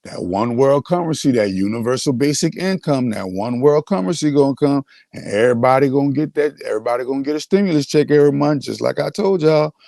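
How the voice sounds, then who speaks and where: A man's voice: medium pitch, lively intonation, fast talker, gravelly, hardly any pauses, mellow, no room sound, clean studio sound. Boastful man ranting on a livestream. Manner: boastful, repetitive, restarts often. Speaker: host. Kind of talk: livestream rant.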